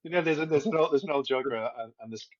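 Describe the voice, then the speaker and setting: A man's voice: a little high, rapid-fire, dry recording, highs cut off. A man co-hosting a podcast in casual chat, blunt and crude with a jokey edge. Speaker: podcast co-host. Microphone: remote call setup.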